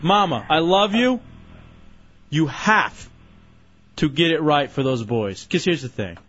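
A man's voice: fairly high pitch, lively intonation, a little slow, fairly bright tone. A man in his late twenties hosting a casual radio show, playful and scolding in turn. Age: 20s. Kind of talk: casual on-air chat. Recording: dull lo-fi radio audio.

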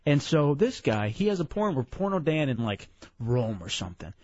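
Animated male radio host, lo-fi broadcast. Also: a little high, normal speed, no echo. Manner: animated, joking, takes calls. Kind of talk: casual radio banter.

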